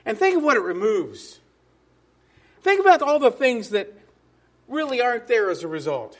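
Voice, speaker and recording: A man preaching a sermon as a pastor, emphatic, with drops to soft asides. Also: very high voice, very animated, normal speed.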